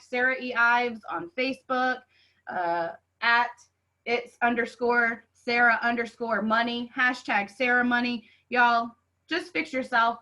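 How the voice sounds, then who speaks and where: A woman's voice: a little high, sharp tone, low-quality recording. A woman hosting a motivational podcast, talking fervently and preaching self-worth. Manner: fervent, preachy, says "y'all" often. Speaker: podcast host and life coach.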